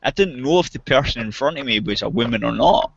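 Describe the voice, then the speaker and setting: A man's voice: medium pitch, expressive, fast talker, vocal fry, slightly rough, no echo. Furious, swearing man ranting. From outside the US. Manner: angry, heavy swearing, ranting. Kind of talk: casual chat. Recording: dull, dry voice-chat audio.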